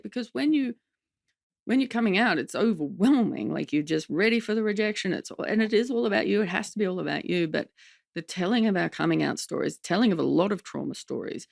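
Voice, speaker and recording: Her fairly low, creaky voice is recorded dry and at studio quality. A comedian from Australia, she spins lively stories during a candid podcast conversation, often breaking into impressions of others.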